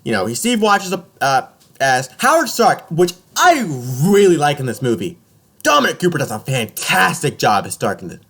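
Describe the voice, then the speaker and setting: A man's voice: a little high, normal speed, gravelly. A young man casually recapping a film on a podcast, joking and slipping into silly character voices. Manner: animated, jokey, slips into silly voices for characters.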